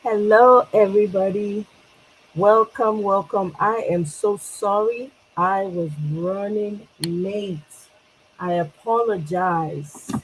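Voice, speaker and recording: A woman's voice: mid-range voice, slow, slight background noise, rough recording. A Nigerian woman hosting a casual livestream, greeting viewers by name and switching between English and Pidgin with frequent laughs. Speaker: livestream host.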